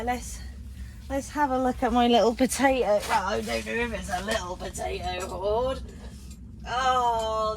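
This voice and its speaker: A woman's voice: fairly high pitch, a little mellow, a little hiss or hum, low-quality recording. A woman chatting casually while gardening and squealing with delight at each find, filmed on a GoPro outdoors. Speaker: gardening vlogger. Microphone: GoPro camera.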